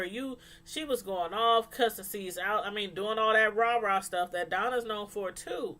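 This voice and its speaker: A woman reviewing a TV show in casual chat, rambling, animated and full of fillers. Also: a little high, moderate pace. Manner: animated, acts out quotes from the show; loose, rambling delivery with many fillers.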